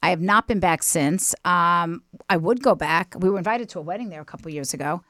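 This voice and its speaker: A woman guest on a talk podcast, chatting casually and telling stories with emphatic, animated delivery. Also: on the low side, a little fast, no echo, clean studio sound. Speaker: guest, reality TV personality. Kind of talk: casual chat.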